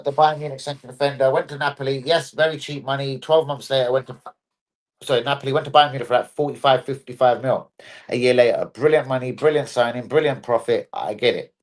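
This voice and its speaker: A man hosting a live football stream, chatting casually, bluntly and with a lot of swearing. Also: mid-range voice.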